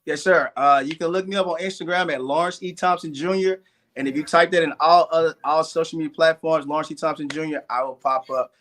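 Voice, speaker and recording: A man's voice: a little high, fairly even intonation, a little fast, fairly bright tone. A middle-aged man, a guest entrepreneur, telling his life story earnestly in a live interview, repeating phrases and stacking up lists of hardships.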